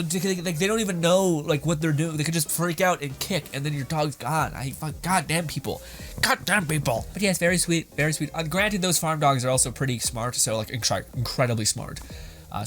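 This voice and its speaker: A man's voice: fairly high pitch, brisk, fairly bright tone, faint music behind. A young man hosting, giving casual, rambling reaction commentary with frequent laughter and plenty of swearing. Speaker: host reacting to videos.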